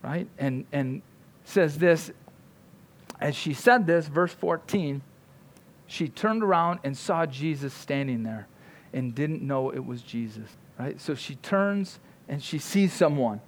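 A man delivers a sermon in a relaxed, conversational manner. His voice sits a little higher than most men's. He often stops to check in with his listeners with "right?". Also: slow pace. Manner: conversational preaching, frequent "right?" asides. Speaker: pastor.

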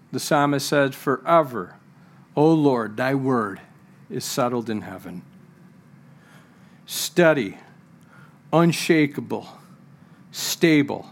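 A man's voice: mid-range voice, slow pace, pauses often. Man preaching with emphatic repetition. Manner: joking asides to the congregation. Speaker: pastor. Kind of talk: sermon.

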